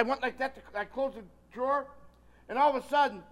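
An older man preaching a sermon, telling a story with lively delivery and calling on listeners by name. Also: very high-pitched, moderate pace.

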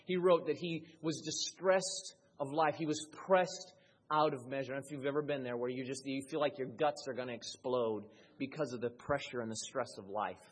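A man preaching a sermon as pastor, swinging between loud raised peaks and quiet low passages, with a husky voice. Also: steady tone, normal speed.

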